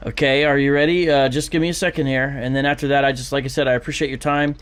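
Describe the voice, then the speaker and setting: A man's voice: mid-range voice, level tone, quick pace, clean tone. A man hosting a live online show, reading viewers' chat messages aloud with fillers and laughs. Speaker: livestream show host.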